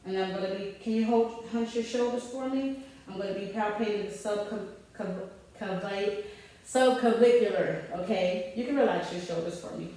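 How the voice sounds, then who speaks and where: Speaking at normal speed and a mid-range pitch, a woman demonstrates a physical assessment, calmly announcing each finding as she goes and politely instructing the patient in short phrases. The mic is far from her, and the room is very echoey.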